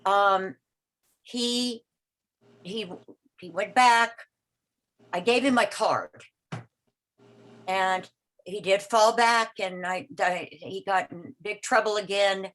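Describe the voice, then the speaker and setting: This is an older woman speaking over a video call, sharing a memory at her own unhurried pace. She stumbles and restarts often and repeats words as she gathers her thoughts. When she quotes someone, she puts on a voice for them. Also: mid-range voice, a bit bright, poor audio. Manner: rambling, halting, with many restarts and repeated words; acts out the voices of people in her story. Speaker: meeting participant sharing a story. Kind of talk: personal storytelling on a video call.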